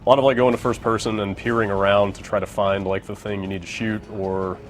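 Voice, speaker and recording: A man's voice: lowish voice, level tone, quick pace, noisy background. A man giving casual gameplay commentary as he plays, laid-back and rambling with lots of fillers. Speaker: co-host playing the game.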